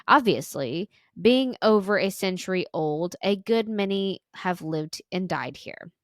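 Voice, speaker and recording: A woman's voice: lowish voice, animated, measured pace, no echo, clean studio sound. A woman podcast co-host reading a listener's story aloud, with small stumbles and restarts.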